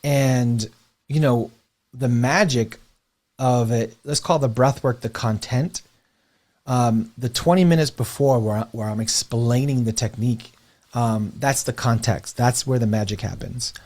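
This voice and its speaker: A man's voice: medium pitch, unhurried. A man who teaches breathwork speaks in a casual interview, telling stories with lots of "you know" fillers and laughing now and then. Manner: animated storyteller, leans on "you know" fillers.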